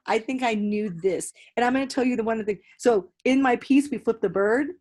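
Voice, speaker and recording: A young woman hosting a podcast in casual chat, an animated storyteller who swears freely. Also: a little high, moderate pace. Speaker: podcast host.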